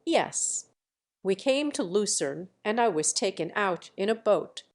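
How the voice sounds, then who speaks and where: A gentle, kind and naive young man, read by a woman who speaks mildly and earnestly in a slow, unhurried way. He stays polite and modest throughout this audiobook scene. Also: medium pitch, expressive, close to an everyday voice.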